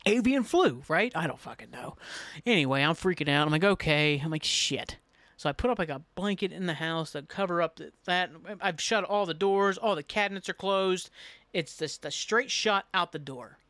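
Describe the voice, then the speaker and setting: A man's voice: high-pitched, a little fast, dry recording. A man hosting a podcast, telling a funny story alone in a casual way, swearing and mocking himself. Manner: animated, swearing, self-mocking, acts out his own panic. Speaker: podcast host.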